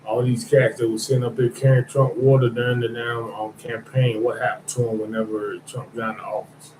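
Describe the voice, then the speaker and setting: A man's voice: mid-range voice, flat delivery, fairly quick, noisy background. Blunt, rambling man on a podcast. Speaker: podcast host. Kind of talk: casual podcast monologue. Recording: echoey room.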